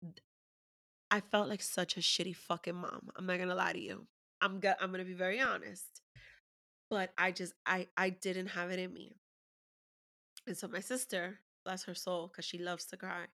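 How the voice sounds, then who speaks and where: A woman's voice: fairly low pitch, creaky, sharp tone. A woman candidly telling a personal parenting story in conversation, openly emotional and swearing freely.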